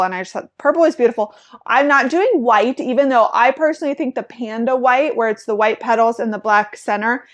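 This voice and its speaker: A young woman with a slightly high voice talks casually about her farm in a how-to vlog. She is chatty and bubbly and says "like" a lot. She sounds like a friendly flower farmer sharing tips. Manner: chatty and bubbly, with frequent "like" and laughter.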